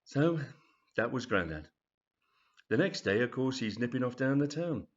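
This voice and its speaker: An author reads his own comic story, rambling along chattily and filling it with fillers. His medium-pitched voice has a sing-song lilt at normal speed, and the audio is dull.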